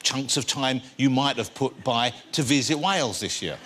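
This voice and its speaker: A man hosting a chat show, asking quick, joking questions of his guest. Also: medium pitch, fairly bright tone.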